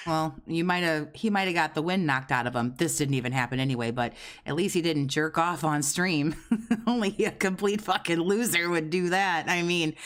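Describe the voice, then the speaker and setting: A man's voice: on the high side, moderate pace, fairly bright tone. A man hosting a reaction commentary, sarcastic and profane as he mocks a streamer. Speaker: commentary host.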